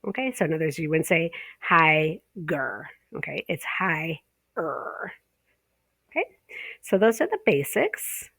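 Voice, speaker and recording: A woman teaching a pronunciation course, explaining step by step, tagging "okay?" onto her points and drawing out example words slowly. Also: on the low side, sing-song, vocal fry, husky, no room sound. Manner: explanatory, checks in with frequent "okay?"; slows and stretches example words. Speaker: ESL teacher trainer. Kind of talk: online course lesson.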